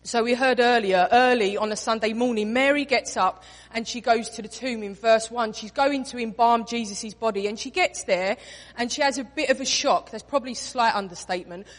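A woman preaching a sermon, telling the story expressively and acting out quoted lines in different voices. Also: fairly high pitch. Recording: reverberant hall.

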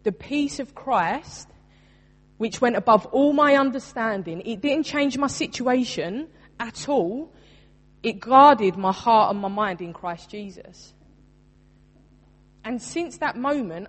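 A woman's voice: on the high side, a little slow. A woman in her thirties preaching a sermon, earnest and emphatic, mixing scripture with her own story. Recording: long reverb in a large room.

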